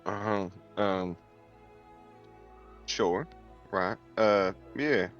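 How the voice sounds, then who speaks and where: A man's voice: lowish voice, very slow, lo-fi sound, faint music behind. A man in a tabletop game, talking politely and hesitantly with many fillers. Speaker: player. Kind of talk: in-character tabletop role-play.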